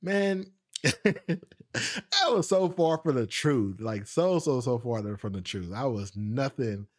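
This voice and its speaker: A man hosting his own podcast, telling a personal story in a casual, animated way, with frequent laughs and asides to his listeners. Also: medium pitch, takes it slowly. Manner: speaks straight to listeners. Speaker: podcast host.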